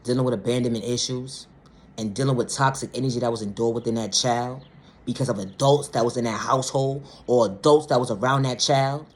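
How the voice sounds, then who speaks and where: A woman vlogger delivering a blunt, profane monologue rant, swinging between low, quiet stretches and loud, high outbursts. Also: fairly quick. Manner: blunt, profane, repeats "ma'am, sir" and "respectfully".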